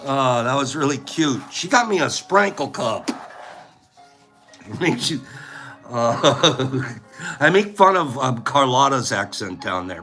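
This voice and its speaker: A man's voice: mid-range voice, expressive, slow pace, a bit bright, soft background music. A man hosting a casual livestream chat, playful and rambling, often breaking into laughter. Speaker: host.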